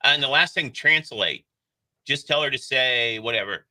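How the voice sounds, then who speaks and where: A man co-hosting a radio show, chatting casually and teasing his co-host with deadpan jokes. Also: medium pitch, moderate pace, low-quality recording. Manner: joking, teasing deadpan asides. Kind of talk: casual morning radio banter. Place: radio studio.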